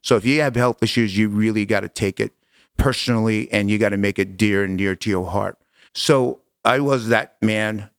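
A man's voice: lowish voice, fairly bright tone, no echo, studio quality. A man, a podcast guest, telling his story in conversation, earnest and emphatic, repeating phrases for weight.

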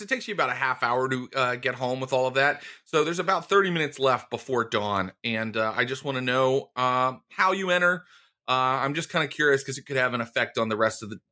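A man narrating a tabletop game as game master, talking in a halting, good-humored, conversational way. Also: mid-range voice, sharp tone.

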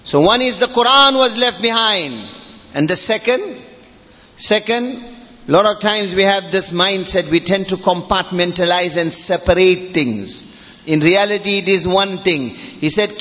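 A man preaching a Friday sermon in a mosque, emphatic and impassioned, building to near-shouts. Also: high voice, normal speed, in a large hall, lo-fi sound. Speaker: imam giving a Friday sermon.

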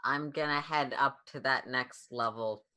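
A woman with a strikingly deep voice plays a tabletop game with friends. Her tone is bright and forward, and she states what her character does in a plain, matter-of-fact way. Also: a little slow. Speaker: player. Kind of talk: casual tabletop game talk.

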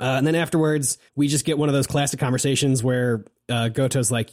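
A man's voice: mid-range voice, flat delivery, fairly quick, darkish tone. Laid-back man recapping a game. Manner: laid-back, many fillers, wry asides. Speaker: podcast co-host. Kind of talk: casual chat recapping a game.

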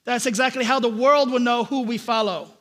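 A man preaching a sermon, telling a family story with lively, animated delivery and frequent repeated starts. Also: extremely high pitch, fairly quick. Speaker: pastor.

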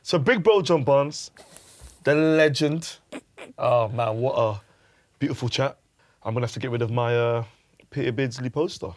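A man's voice: mid-range voice, moderate pace, long pauses. A man co-hosting a podcast, chatting casually with lots of exclamations. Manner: excitable, exclamatory. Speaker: podcast co-host.

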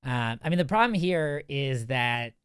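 A man's voice: mid-range voice, expressive, normal speed, fairly bright tone, clean tone, dry recording. A man hosting a casual podcast in a tiny studio, rambling with plenty of fillers and restarts. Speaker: podcast host.

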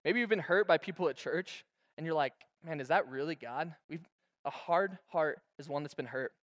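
A young male pastor delivering a sermon in a loose, slangy way, full of "bro" and "like." He acts out scenes with quick bursts of energy. His voice sits fairly high for a man. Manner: casual, slangy and animated, acting out stories.

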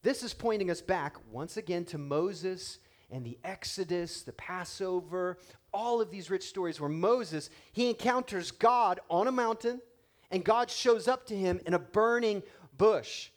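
A man in his thirties preaching a sermon, animated, voicing the people he quotes and swinging between loud and hushed delivery. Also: high-pitched, unhurried. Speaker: pastor.

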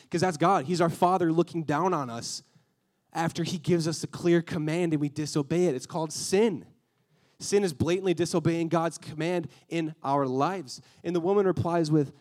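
Young man preaching casually, higher voice. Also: a little fast, darkish tone. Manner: casual, earnest preaching with slang and acted-out quotes. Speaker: youth speaker. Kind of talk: sermon.

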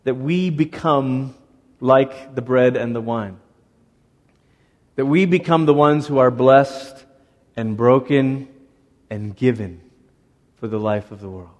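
A middle-aged man preaching a sermon as a pastor, lively and conversational, now and then acting out the voices of people in the story. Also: mid-range voice, slow pace, long pauses. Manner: animated, acts out voices of Moses and God. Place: church sanctuary. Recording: long reverb of a church hall.

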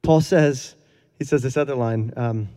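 A man's voice: mid-range voice, a little slow, warm tone, long reverb tail. A man preaching a conversational sermon in a casual, earnest way, with fillers and chuckles. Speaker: pastor.

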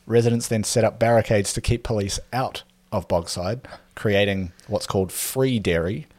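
A man casually talking through a history topic on a podcast, with lots of ums and quick laughs. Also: lowish voice, darkish tone, no echo. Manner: rambling, filler-heavy, laughs often. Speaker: podcast co-host presenting history.

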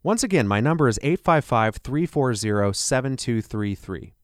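A man delivers a radio advertisement as a financial advisor. His pitch is earnest and persuasive, built around rhetorical questions. His mid-pitched voice sits close to the microphone in a dry studio sound. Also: animated, normal speed, no room sound.

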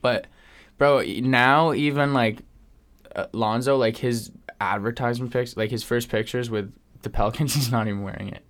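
A man's voice: mid-range voice, steady tone, normal speed, a bit bright. A young man from Canada co-hosting a podcast in casual chat, laid-back, with lots of fillers and swearing. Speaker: podcast co-host.

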